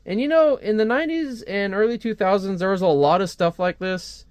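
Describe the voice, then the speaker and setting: A man's voice: high-pitched, animated, normal speed, dry recording. A young man casually reviewing a comic book, joking sarcastically and slipping into silly voices as he reads panels aloud. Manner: jokey, sarcastic, breaks into silly put-on voices.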